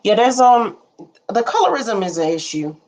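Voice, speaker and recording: A woman's voice: on the high side, sing-song, normal speed, a little mellow. A young woman hosting a casual livestream, rambling frankly with blunt asides and casual swearing, and answering viewer comments as she talks. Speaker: livestream host.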